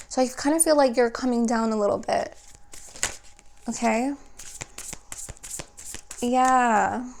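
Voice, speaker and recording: A woman giving an unscripted tarot reading, meandering and reassuring, often checking in with the listener. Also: fairly high pitch. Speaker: tarot reader.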